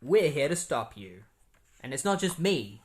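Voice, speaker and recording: A man's voice: a little high, big pitch swings, unhurried. A man paraphrasing a solemn male sorcerer hero in his own voice, with a grand, declaring manner.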